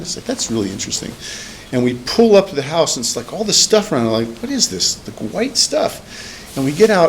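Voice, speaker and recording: A man's voice: mid-range voice, a little hiss or hum, poor audio. A man, a professor, lecturing to a class and telling a rambling personal story with many fillers and restarts. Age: older. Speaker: psychology professor.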